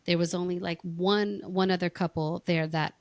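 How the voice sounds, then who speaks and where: Woman, middle-aged, podcast host. Slightly low voice, dry sound, casual storytelling chat. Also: fairly even intonation, normal speed, no echo. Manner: chatty storyteller, acts out quoted lines. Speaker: podcast host and life coach.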